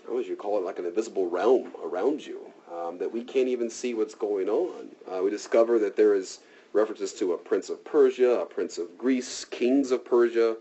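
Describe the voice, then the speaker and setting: A male preacher gives a relaxed, conversational sermon and often checks in with "right?" His voice is low, mellow and husky. The recording sounds muffled and lo-fi. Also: brisk. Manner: casual and talky, asks "right?". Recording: dull lo-fi recording.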